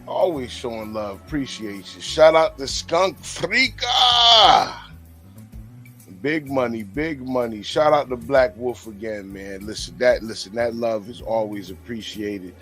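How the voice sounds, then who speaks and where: A man hosts a livestream and reads out donations in casual, profane banter. His voice swings from low mutters to sudden laughing shouts. Faint music plays behind him. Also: normal speed, hardly any pauses. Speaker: livestream host.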